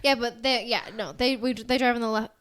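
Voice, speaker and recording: Bubbly and casual, a podcast co-host chats away with plenty of "like" and giggles. She's a young woman with an American accent, speaking briskly in a slightly high, fairly bright voice with a steady tone.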